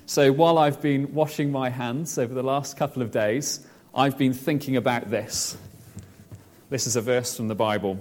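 A man's voice: mid-range voice, moderate pace, darkish tone. A man leading a children's talk, encouraging and praising the kids as he explains.

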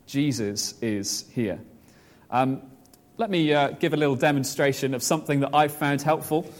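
A man's voice: on the high side, steady tone, fairly quick. A man leading a children's talk, encouraging and praising the kids as he explains.

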